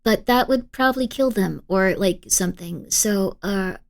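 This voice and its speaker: A woman's voice: medium pitch, a little slow, vocal fry. A woman streamer chatting casually with her live chat, giggly, rambling and full of apologies. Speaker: streamer reacting to videos.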